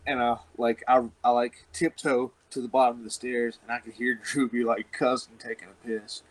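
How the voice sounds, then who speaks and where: A man's voice: medium pitch, fairly even intonation, moderate pace, low-quality recording. A man, a wrestler, telling a rambling, profane story in casual chat and laughing often. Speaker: professional wrestler guest.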